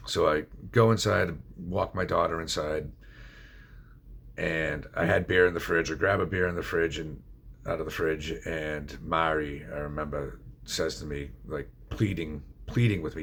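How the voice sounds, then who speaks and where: A man's voice: a bass voice, moderate pace, creaky, fairly bright tone, slightly rough. A middle-aged man telling his own story of addiction in a blunt, confessional way, swearing freely. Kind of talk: candid personal storytelling.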